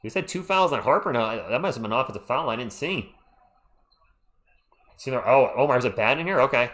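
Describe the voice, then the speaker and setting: A man's voice: mid-range voice, fairly quick. A man hosting a live play-by-play stream, calling the action as an open fan and greeting viewers in the chat. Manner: excitable, fan-biased, chatty with viewers. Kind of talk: live play-by-play commentary with chat shout-outs.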